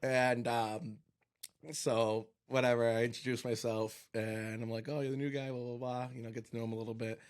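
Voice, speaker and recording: A man with a Massachusetts accent hosting a podcast, telling stories in a casual, animated way and laughing often. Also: medium pitch, normal speed, clear, resonant tone. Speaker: podcast host. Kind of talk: casual storytelling chat.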